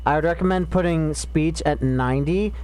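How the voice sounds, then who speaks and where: A man's voice: on the high side, normal speed, a little mellow, poor audio. An American man chatting casually while gaming, jokey and prone to rambling tangents. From United States. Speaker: co-host of a gaming chat.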